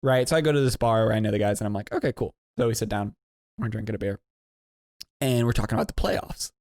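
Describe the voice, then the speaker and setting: A man tells a long, winding story on a podcast. He is animated and loose, often jumping into a high voice to quote people. The recording is dry and close, with no room sound. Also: fast talker, no room sound. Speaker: podcast co-host. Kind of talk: casual storytelling.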